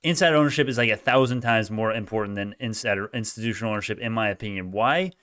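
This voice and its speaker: A man streaming live stock commentary, chatting with viewers, swinging between mumbled asides and loud cheering, arguing back at comments and laughing often. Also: on the low side, quick pace.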